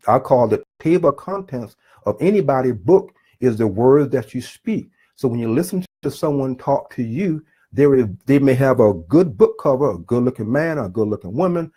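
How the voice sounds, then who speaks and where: A man's voice: medium pitch, darkish tone, husky. A middle-aged man giving an earnest, rambling motivational talk, often restarting his sentences and drifting off his point. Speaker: self-published author giving a talk.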